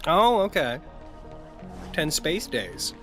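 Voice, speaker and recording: A man's voice: on the high side, wildly swooping pitch, takes it slowly, over music. A man playing as a guest on a gaming stream, joking around and reading game dialogue aloud. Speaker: guest player. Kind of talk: casual gaming stream chat.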